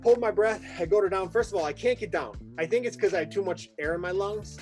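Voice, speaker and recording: Excitable male host telling a story. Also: high voice, fast talker, faint music behind. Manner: excitable, vivid retelling with acted-out quotes. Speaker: podcast host. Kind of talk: animated storytelling in casual conversation.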